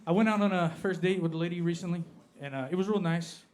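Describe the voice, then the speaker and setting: A man from Appalachia with an American Appalachian accent, performing a stand-up comedy set on a club stage and drawing out his punchlines deadpan. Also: high-pitched, fast, noisy background. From Appalachia, United States.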